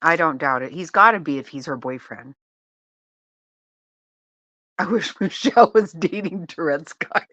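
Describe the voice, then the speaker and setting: A middle-aged woman chats on a live stream in a low, unhurried voice that still has a bright, forceful edge. She keeps breaking into laughter and cries of disbelief as she reacts, close to the mic in a dry, dead space. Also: animated, no room sound. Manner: laughs often, exclaims in disbelief. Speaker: live-stream host reading chat. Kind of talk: casual live-stream chat.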